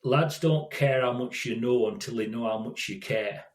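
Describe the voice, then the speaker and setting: A man quoting a rough, scary male Irish site supervisor, giving blunt, gruff orders in a put-on Irish accent, in an echoey room. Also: medium pitch, moderate pace, natural voice.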